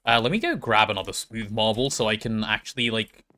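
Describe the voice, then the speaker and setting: A man streaming a game, chatting casually with his chat and thinking out loud as he plays. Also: on the low side, a little fast. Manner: chatty, thinks aloud while playing and answers chat.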